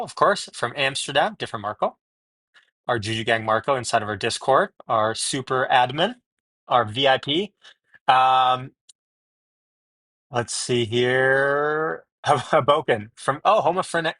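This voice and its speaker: A man's voice: medium pitch, expressive, measured pace, pushed and bright, no room sound. A man hosting a casual live stream from home, chatting and greeting viewers by name as they join, talking into wireless earbuds.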